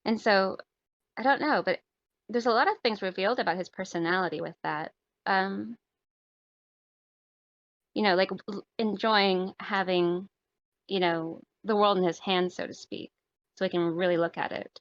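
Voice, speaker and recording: A woman's voice: medium pitch, moderate pace, pauses often. A woman who is a podcast guest, thinking aloud about a film with lots of likes and you-knows, her voice a little strained from talking. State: losing her voice. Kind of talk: casual movie review chat. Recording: dry, dull lo-fi sound.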